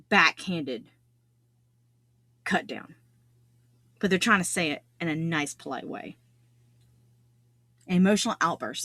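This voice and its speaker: A woman's voice: on the low side, fairly bright tone, no room sound. Earnest woman podcast host, dry sound. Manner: earnest, repeats key phrases for emphasis. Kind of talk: solo podcast talk on self-improvement.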